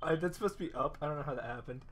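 Low-voiced woman bantering bluntly. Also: racing, slight background noise. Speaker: friend on a podcast. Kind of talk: casual chat.

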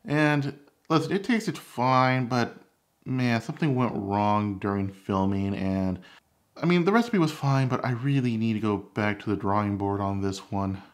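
A man hosting his own cooking channel chats candidly and critiques his recipe videos in casual vlog commentary. His voice is fairly low in pitch, expressive, and unhurried.

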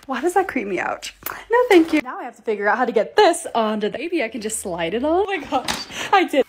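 A woman's voice: high voice, slight background noise. A young woman narrating her own videos as a creator, bubbly and gushing as she shows off things she bought. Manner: bubbly, gushing, quick and excitable. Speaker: TikTok creator. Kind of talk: casual vlog voice-over.

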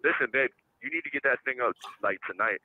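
A man's voice: mid-range voice, quick pace, background noise. A man on a phone call from jail, pleading and joking in casual slang. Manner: pleading, laughing, slangy, animated. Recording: tinny prison phone line.

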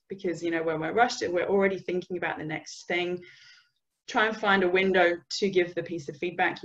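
Woman, low voice, lo-fi audio. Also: fairly bright tone. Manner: conversational, acts out example phrases. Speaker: business communication trainer. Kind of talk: webinar presentation.

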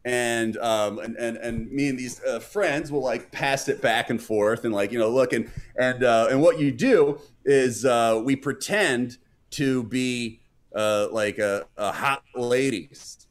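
A man's voice: medium pitch, slow pace. A man hosting a live stream in casual chat, reading out chat comments and rambling with many fillers and restarts.

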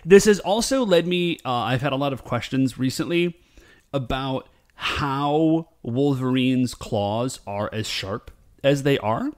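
Guy co-hosting a podcast, voice jumps all over, rambly and excited, lots of likes and ums. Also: medium pitch, measured pace. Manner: animated, rambling with many fillers. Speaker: podcast co-host. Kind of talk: casual chat.

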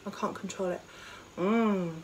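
A woman choir leader, teaching an online vocal warm-up from home and demonstrating high sung notes. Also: a little slow, slight background noise. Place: home during lockdown.

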